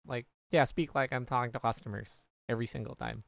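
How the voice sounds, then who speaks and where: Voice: medium pitch, steady tone, brisk, gravelly, no room sound. A podcast co-host with a Filipino accent mixed with American, agreeing and laughing along in casual chat. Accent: Filipino, partly American.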